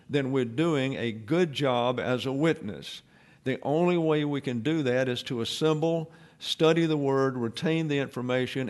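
Man teaching a measured Bible lesson. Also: mid-range voice. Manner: measured, explanatory, pauses with uh.

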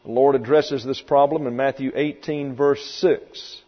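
Unhurried, with a mid-range voice and fairly even intonation, a pastor delivers an expository sermon that is emphatic and vivid, sometimes dramatizing the voices in quotes. Sound quality is dull and lo-fi, with hall reverberation and a mains hum.

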